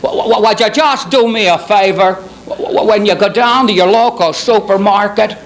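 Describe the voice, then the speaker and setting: A man's voice: sits high, normal speed, natural voice. A man impersonating a folksy, self-deprecating older Southern ex-president at a banquet. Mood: pleading. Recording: banquet hall with crowd laughter.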